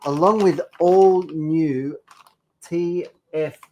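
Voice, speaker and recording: A man's voice: on the high side, steady tone, very slow, warm tone, slight background noise. A young man with a playful, enthusiastic manner, presenting hobby products in a casual chat.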